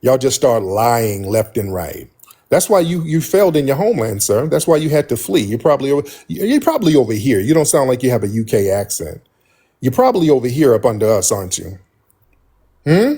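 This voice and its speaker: A man's voice: medium pitch, very animated, brisk, mellow, husky. A man hosting a livestream call-in debate, combative and repeating pointed questions at a caller. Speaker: livestream host.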